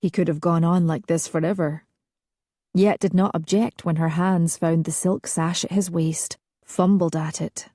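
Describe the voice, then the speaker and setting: A woman narrates a romance audiobook in a soft, intimate, unhurried read. Her voice is somewhat low, mellow and husky, and very slow. The recording is close and dry. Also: fairly even intonation, no room sound.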